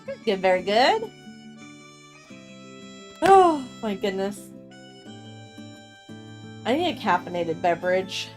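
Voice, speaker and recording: A woman in her thirties chatting casually with her chat while streaming a game, bubbly and quick to laugh. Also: medium pitch, big pitch swings, darkish tone, faint music behind. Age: 30s. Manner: giggly and bubbly, laughs often.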